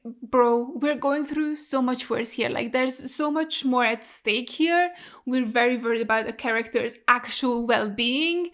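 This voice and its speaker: High-voiced young woman, frank and fretful. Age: young adult. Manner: emotional, fretful and frank, swears freely. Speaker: reaction video host. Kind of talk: casual reaction commentary.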